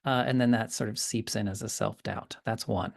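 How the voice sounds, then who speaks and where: A man teaching a course module in a relaxed, hesitant way, often pausing and restarting. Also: lowish voice, vocal fry. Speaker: course instructor. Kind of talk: lecture.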